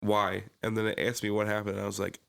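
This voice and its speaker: Podcast co-host, male, low voice, lively ranting storyteller. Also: fast, gravelly. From Pennsylvania. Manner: animated storytelling, acts out his own anger. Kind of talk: casual chat.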